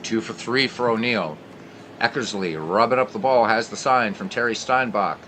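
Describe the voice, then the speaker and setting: A man hosting a baseball replay stream, calling the plays and chatting between pitches. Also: moderate pace, a bit bright, slight background noise. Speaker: play-by-play host. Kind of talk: baseball game replay commentary.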